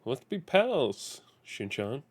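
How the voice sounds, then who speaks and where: A man's voice: medium pitch, very animated, takes it slowly, darkish tone, pitched above the performer's own voice. A man voicing a menacing male gangster extorting a chef in a video game, with a sneering, taunting delivery.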